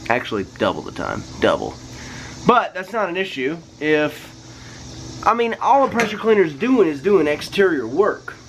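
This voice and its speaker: Slow-talking, joking man. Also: fairly high pitch, a little hiss or hum, rough recording. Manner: playful, joking, drawn out. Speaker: pressure washing business owner. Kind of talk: casual how-to vlog.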